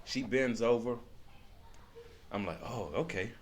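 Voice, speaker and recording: A man's voice: mid-range voice, a little slow. A man telling a long story in casual chat, laughing often and acting out what others said. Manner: animated, laughing, acts out quoted lines. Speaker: podcast guest.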